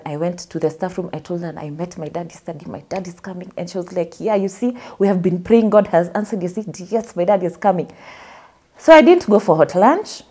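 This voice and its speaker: A woman's voice: on the low side, mellow. A young Kenyan woman telling her life story as a guest in an interview, acting out the voices of the people she quotes.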